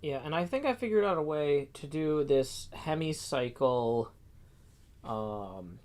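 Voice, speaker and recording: Male host, relaxed stream chat, deadpan jokes, slow thoughtful delivery. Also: on the high side. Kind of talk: casual chat while drawing.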